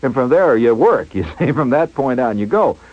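A man hosting a radio show, telling a personal story in an animated way, chuckling and imitating sounds as he goes. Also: medium pitch, moderate pace, highs cut off. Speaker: radio host. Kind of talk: storytelling monologue on air.

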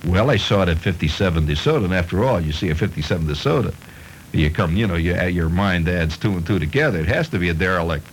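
A man's voice: low-pitched, animated, fast, a little hiss or hum, low-quality recording. A middle-aged man hosting a radio show, reading odd news stories aloud and spinning them into playful comic tales. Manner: playful storytelling with chuckles. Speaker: radio host.

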